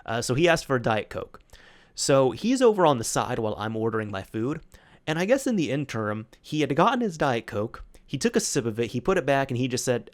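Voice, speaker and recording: A man's voice: medium pitch, very animated, fairly quick. A young man hosting a solo talk show, telling a story casually with many restarts and fillers. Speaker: host.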